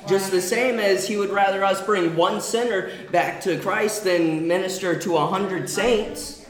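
A man's voice: sits high, a little slow, a crowd in the background. A man teaching at a Bible study as a guest, explaining earnestly and repeating phrases. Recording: echoey room with a small audience.

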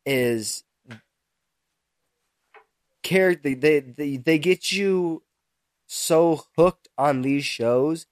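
A young man co-hosts a casual chat in a very slow, halting ramble, stopping often to search for words. His voice is plain and mid-pitched, recorded dry and close. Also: no echo. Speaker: podcast co-host.

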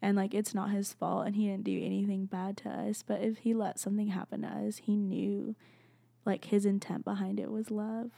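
Young woman, podcast host, gentle rambling faith talk, mellow tone, plenty of fry. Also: mid-range voice, level tone, normal speed, no echo. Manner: gentle, rambling, heavy use of "like". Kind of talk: casual Christian encouragement podcast.

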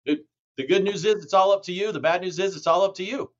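A man's voice: high voice, fast talker. Blunt, emphatic man on a muffled line. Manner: emphatic, blunt motivational speaker. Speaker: franchise company president, guest. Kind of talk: podcast interview answer. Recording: muffled lo-fi audio.

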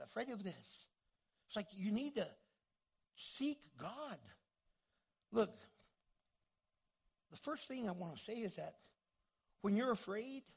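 A man preaches with big swings of pitch, his voice riding high and turning gravelly. He acts out the voices he quotes as he goes. There is a husky, breathy grain in his tone. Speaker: pastor. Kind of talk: sermon.

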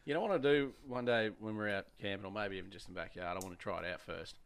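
A man's voice: on the low side, fast, creaky, clear, resonant tone. An Australian man co-hosting a podcast, chatting casually with friends and telling stories with lots of swearing. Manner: sweary, animated storytelling. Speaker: podcast co-host. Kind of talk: casual chat.

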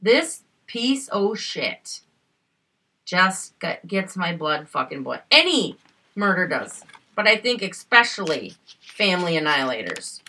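A woman's voice: on the low side, big pitch swings, measured pace, pushed and bright, poor audio. A woman co-hosting a true-crime podcast, talking in a heated, casual way and swearing freely. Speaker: podcast co-host.

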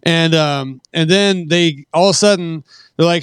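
A man's voice: fairly high pitch, unhurried, fairly bright tone, clean tone, no echo. Profane, rambling retired Marine man. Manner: profane, rambling war stories with frequent fillers. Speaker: podcast guest, retired Marine. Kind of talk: casual interview storytelling.

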